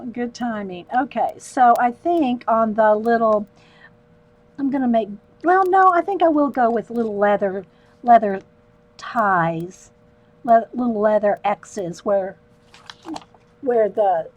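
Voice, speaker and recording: A woman hosting an art livestream chats casually with viewers while drawing, laughing often. Her slightly high voice is animated and slow, with the highs cut off.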